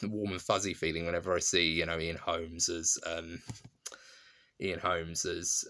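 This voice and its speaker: A man with a deep, low-pitched voice talks through a film review in a loose, casual way. He restarts sentences often and leans on fillers as he goes. He sounds fond and enthusiastic about the film. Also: level tone, unhurried, sharp tone. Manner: rambling, many restarts and "you know" fillers.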